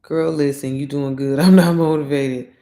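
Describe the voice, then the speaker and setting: Woman, chatty live-stream host, lower voice, roomy echo, phone mic. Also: steady tone, normal speed, warm tone. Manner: chatty, greets viewers by name, laughs often. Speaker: livestream host. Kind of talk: casual chat to a live audience.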